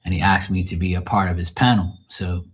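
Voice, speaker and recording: A man's voice: low-pitched, fairly even intonation, fairly quick, a little hiss or hum. A Bermudian man hosting a live stream as a tarot reader, chatting loosely and jokingly and swearing freely. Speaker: livestream host and tarot reader. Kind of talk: casual live-stream chat. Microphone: phone.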